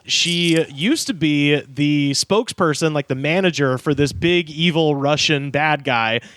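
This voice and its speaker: A man's voice: on the high side, unhurried, fairly bright tone, clean tone, no echo, studio quality. A man co-hosting a podcast, chatting casually with profane, wry asides and frequent laughs. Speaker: podcast co-host.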